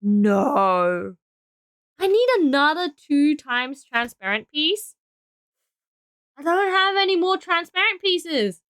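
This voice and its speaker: A woman's voice: high voice, sing-song, takes it slowly, long pauses, fairly bright tone, no echo, clean studio sound. A young Australian woman streaming casually, tired and rambling as she thinks aloud while building.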